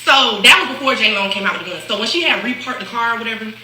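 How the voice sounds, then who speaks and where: A woman rattles through a story fast and animated, her high, bright voice acting out what others said. She laughs often. The room is echoey with a faint hiss. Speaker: storyteller on a reaction video. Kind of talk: casual storytelling.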